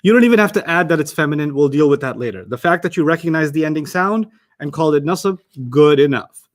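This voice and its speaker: A man teaching an online class, quick and teasing with his students. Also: a little high, lively intonation.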